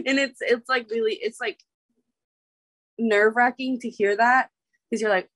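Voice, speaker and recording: A woman's voice: a little high, unhurried, long pauses, a bit bright, slightly rough, no room sound. A young woman from Oklahoma in her late teens, a former contestant chatting casually in an interview, bubbly and giggly with lots of "like" fillers.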